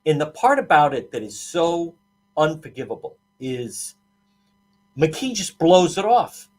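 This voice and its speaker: A man's voice: a little high, sing-song, a little slow. A man hosting a talk show, ranting with heated, sarcastic indignation and many restarts. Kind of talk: heated political commentary.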